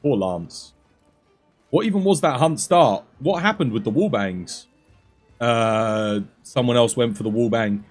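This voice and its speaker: A hoarse man, losing his voice, giving chatty, self-deprecating commentary while coaching other players through a game. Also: medium pitch, expressive, measured pace, soft background music. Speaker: gaming streamer coaching players. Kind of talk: casual gameplay commentary.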